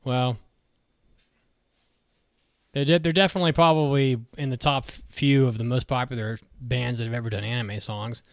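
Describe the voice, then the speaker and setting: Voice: mid-range voice, fairly even intonation, normal speed, long pauses, no room sound, studio quality. Tipsy rambling podcast host. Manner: rambling, self-correcting. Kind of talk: casual podcast chat.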